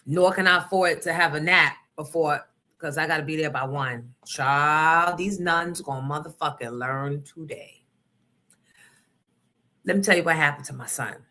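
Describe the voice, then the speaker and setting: Animated, profane woman livestream host. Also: low-pitched. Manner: animated, profane, acts out voices in her story. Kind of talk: casual chat, storytelling.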